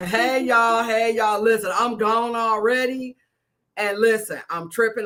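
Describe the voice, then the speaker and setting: A woman minister hosting a casual live stream, excitable and talkative, who often repeats herself and greets viewers by name. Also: a little high, slow.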